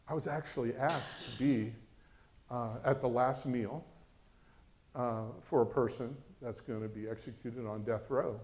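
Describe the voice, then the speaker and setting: A man preaching a sermon as pastor, animated and acting out quoted voices. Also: medium pitch, normal speed.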